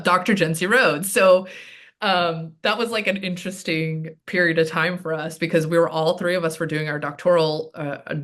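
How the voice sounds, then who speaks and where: A woman in her thirties, a handball player and team director, telling stories in a chatty, animated way as an interview guest. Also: sits low. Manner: chatty, animated storytelling with frequent "like" and "um". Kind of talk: casual interview chat.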